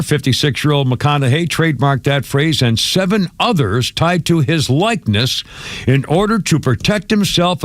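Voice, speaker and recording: A morning radio host with a medium-pitched voice rambles in the studio, restarting sentences, wandering into asides, trailing off, and chuckling. The recording is dry.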